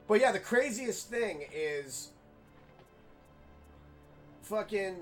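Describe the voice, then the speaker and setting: A young man giving casual, excitable, rambling game commentary, swearing now and then. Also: sits high, extremely slow, faint music behind. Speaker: game streamer. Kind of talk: casual let's-play commentary.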